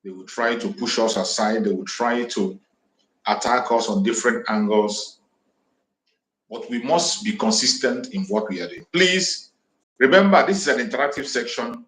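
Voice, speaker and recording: A man's voice: medium pitch, a bit bright, a little hiss or hum. A man from southeastern Nigeria, making fiery, repetitive, defiant declarations as he hosts an impassioned livestream address on a home microphone. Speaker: activist livestream host. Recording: echoey room.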